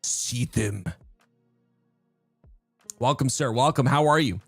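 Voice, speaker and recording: With a slightly high, expressive voice at normal speed and no echo, a man chats casually with his live-stream viewers as he games. He rambles and frequently breaks off, with faint music behind him.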